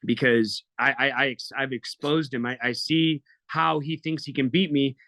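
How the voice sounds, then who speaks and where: Bright and forceful, with a medium pitch, steady tone, and moderate pace, a fighter in his thirties gives a candid podcast interview. He's blunt and emotional, swearing heavily, on a dry recording.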